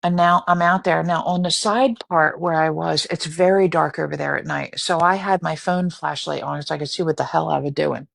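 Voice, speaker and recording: A woman telling a story casually on a live stream, animated and profane. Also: low-pitched, normal speed, gravelly, few pauses. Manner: animated, profane, breaks into screaming reenactments.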